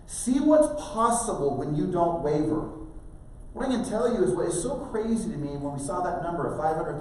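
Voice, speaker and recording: A man's voice: high-pitched, a little mellow. A man in his forties giving a motivational conference talk, telling stories animatedly and acting out quoted dialogue. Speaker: motivational speaker at a real estate training event. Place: large conference room. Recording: very echoey hall, distant, faint hiss.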